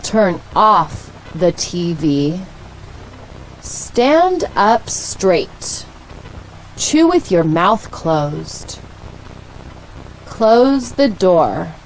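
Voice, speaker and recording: A woman with an American accent reading short English sentences aloud for learners, slowly and with clear enunciation. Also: lowish voice, sing-song, a little hiss or hum, rough recording. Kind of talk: slow, deliberate read-aloud for learners.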